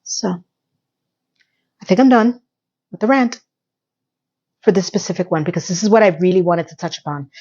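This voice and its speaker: A woman recapping a TV episode in an animated, exasperated rant, sarcastic and talking straight to her viewers, a little hoarse from losing her voice. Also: on the low side, normal speed, long pauses, lo-fi sound. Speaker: TV recap vlogger.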